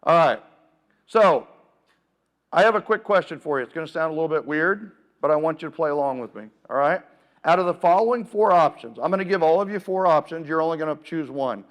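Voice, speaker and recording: Energetic man working a seminar crowd. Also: fairly high pitch, a little fast. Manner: energetic, playful, calls out to the crowd. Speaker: keynote speaker. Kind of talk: live seminar talk to an audience. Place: event room with a live audience.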